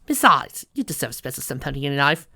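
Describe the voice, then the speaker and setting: Woman voicing a dramatic genteel unicorn lady, lively bright voice, storybook reading. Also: a bass voice, quick pace, creaky, dry recording, studio quality, exaggerated voice. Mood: coaxing. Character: refined fashionable adult mare unicorn, dramatic.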